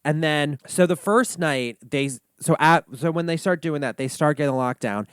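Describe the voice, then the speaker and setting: A man's voice: fairly high pitch, moderate pace, clean tone, dry recording, clean studio sound. A man hosting a comedy reaction monologue, ranting sassily and swearing often. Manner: sassy, animated ranting with frequent swearing. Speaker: host.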